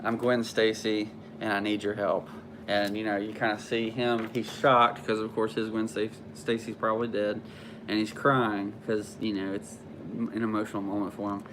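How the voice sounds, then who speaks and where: A man's voice: lowish voice, flat delivery, normal speed. Rambling man reviewing comics, faint hiss. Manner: rambling, many fillers and restarts. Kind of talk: casual spoken review.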